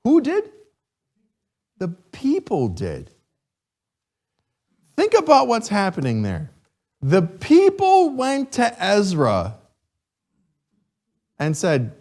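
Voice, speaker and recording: A man teaching a Sunday school class, reading scripture and questioning his students in a lively, chuckling way. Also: high voice, very slow, long pauses. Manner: animated, asks the class questions, chuckles often.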